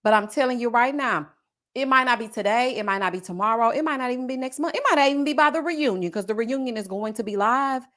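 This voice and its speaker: A woman hosting a live review of a reality show, sassy and expressive, talking straight to her viewers. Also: on the high side, fast.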